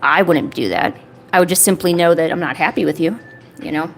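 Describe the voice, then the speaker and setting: A woman's voice: fairly low pitch, fairly quick, a bit bright, a little hiss or hum. A woman art streamer chatting casually while she works on a paper craft, rambling along and filling her talk with "you know" and "like".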